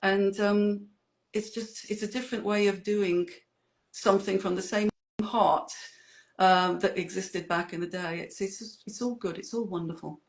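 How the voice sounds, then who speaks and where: A woman's voice: mid-range voice, steady tone, measured pace. A woman in a band, chatting casually as an interview guest with rambling, self-deprecating asides.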